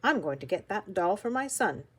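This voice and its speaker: A woman's voice: mid-range voice, big pitch swings, normal speed, slightly rough. A woman reading a storybook aloud and voicing a pleased male shopper.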